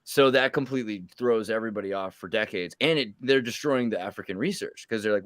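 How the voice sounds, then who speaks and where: A man's voice: lowish voice, fast, few pauses, no room sound. A man telling rambling, jokey stories in casual chat, putting on mock voices for the people he quotes.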